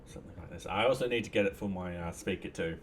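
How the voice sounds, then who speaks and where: A man's voice: low voice, fast talker, a little hiss or hum. A man live-streaming his coding, chatting casually and thinking aloud with lots of fillers. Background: faint music and keyboard typing.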